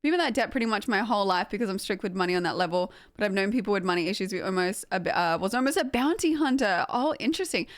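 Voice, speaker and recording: A woman's voice: medium pitch, fast, hardly any pauses, dry recording, clean studio sound. A young woman with an Australian accent chatting casually to her stream, rambling and self-mocking with lots of filler words and easy laughter. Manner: animated, full of filler likes. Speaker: game streamer.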